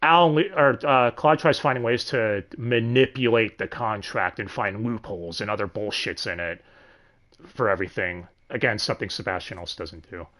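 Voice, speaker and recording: A man hosting a casual, profane review of an anime dub, sardonic and quick to laugh. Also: on the low side, a bit bright. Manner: sardonic, swears freely, laughs often.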